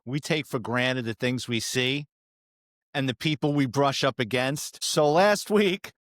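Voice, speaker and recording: A man's voice: medium pitch, unhurried, a bit bright, dry recording. Law enforcement guy chatting on a podcast, mid voice, dry close mic. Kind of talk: casual podcast conversation.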